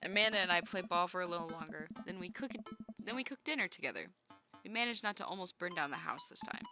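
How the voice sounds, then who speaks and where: A woman's voice: on the low side, lively intonation, fast talker. Playful woman streamer reading a game. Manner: playful, chatty. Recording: game music behind.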